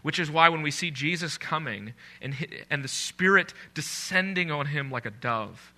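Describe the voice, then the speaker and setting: Guy preaching a sermon, really bright sharp voice, chatty, keeps asking the crowd stuff. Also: a little high, expressive, moderate pace. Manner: conversational, asks the congregation questions.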